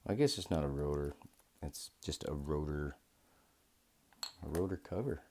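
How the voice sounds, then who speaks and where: Very deep gravelly man muttering at work. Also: lively intonation, moderate pace, darkish tone. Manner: rambling, talks to himself, self-deprecating. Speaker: watch modding video host. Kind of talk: casual narration while working.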